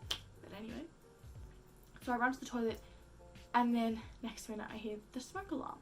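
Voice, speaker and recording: A woman's voice: fairly high pitch, steady tone, moderate pace, faint music behind. A young woman telling a story casually, full of "like" fillers and acted-out quotes, with casual swearing. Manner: chatty, heavy use of "like" fillers. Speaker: vlogger.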